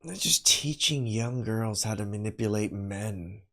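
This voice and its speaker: A podcast host reacting to clips with blunt, incredulous asides. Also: female voice, a bass voice, a little slow, a bit bright. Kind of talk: reaction commentary.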